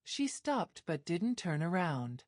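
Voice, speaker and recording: A woman's voice: very animated, takes it slowly, darkish tone, no room sound, clean studio sound. A woman narrating a romance drama, reading scripted lines with a dramatic storytelling manner. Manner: dramatic storytelling, acting out dialogue with lifted pitch.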